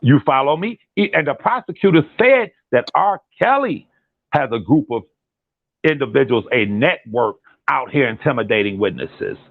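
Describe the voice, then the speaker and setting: A man, a guest on a call-in commentary chat, talking in an animated, repetitive and emphatic way. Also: mid-range voice, moderate pace, no room sound. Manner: animated, repetitive and emphatic, drops into imitated quotes. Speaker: guest on a commentary channel, relative of a defendant. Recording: tinny phone line.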